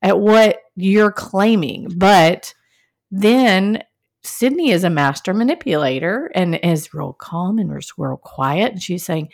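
A woman co-hosting a podcast in casual chat, recapping a reality show and acting out what people said with big jumps in pitch. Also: measured pace. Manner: animated, acts out quotes with big pitch jumps. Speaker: podcast co-host.

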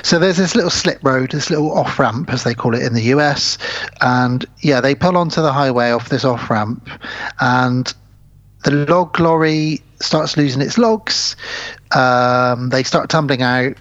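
A man co-hosting a podcast, calmly retelling a film's plot. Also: medium pitch, no echo, muffled recording. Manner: calm plot recapping, measured. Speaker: podcast co-host. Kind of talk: casual film discussion.

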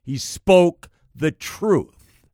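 Slow emphatic man commentator. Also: fairly high pitch, lively intonation, warm tone, dry recording, studio quality. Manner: slow, deliberate, piling up emphatic phrases. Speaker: political commentator. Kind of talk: emphatic political monologue.

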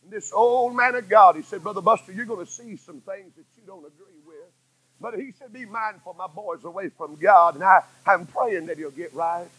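Fiery preacher, husky and high. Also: male voice, moderate pace, poor audio. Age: 40s. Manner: fiery preaching, swings from loud cries to hushed tones. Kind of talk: sermon.

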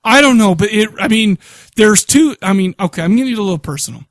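A man's voice: high voice, lively intonation, quick pace. A man in his thirties co-hosting a podcast, talking casually and getting emotional. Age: 30s. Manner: emotional, gushing, laughs easily. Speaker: podcast co-host. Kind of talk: casual chat.

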